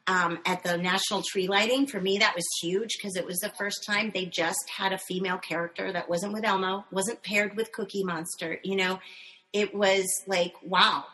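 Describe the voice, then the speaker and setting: A middle-aged woman chatting casually on a panel, animated and telling stories with frequent laughter. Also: medium pitch, normal speed, rough recording. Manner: animated, storytelling, laughs often. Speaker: panel guest, puppeteer.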